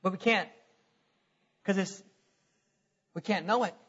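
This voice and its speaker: High, lively preacher in a reverberant church. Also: male voice, slow, breathy edge. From Texas. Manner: animated, jokey, acts out mocking voices. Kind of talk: sermon. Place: church sanctuary. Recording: dull sound with long hall reverb.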